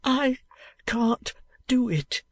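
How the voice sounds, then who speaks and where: Man playing a timid young man, tearful, pleading, high-pitched, whispery, husky. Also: big pitch swings, very slow, dry recording, full character voice. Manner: pleading, breaking, half-whispered.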